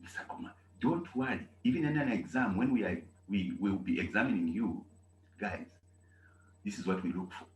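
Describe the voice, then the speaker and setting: A man from Zambia, teaching a German class in an animated way and repeating key phrases. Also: fairly low pitch, moderate pace. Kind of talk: online class lecture. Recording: echoey room with faint noise.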